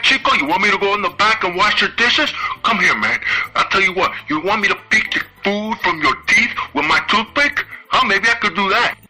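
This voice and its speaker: A man's voice: high voice, bright, forceful tone, heavily acted. A man playing an arrogant, swaggering wrestler in a promo skit, with a put-on Spanish accent and a cocky, taunting, sarcastic way of talking. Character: arrogant swaggering male wrestler, slick tough guy.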